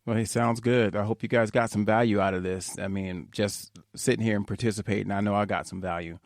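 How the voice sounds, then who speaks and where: A man hosting a podcast, his voice nasal and congested from a cold. He sits fairly low in pitch and speaks in a loose, easygoing way, with fillers scattered through his talk. The sound is dry and close, with no room around it. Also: steady tone, fairly quick, no echo. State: congested, under the weather. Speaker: podcast host. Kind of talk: casual podcast chat.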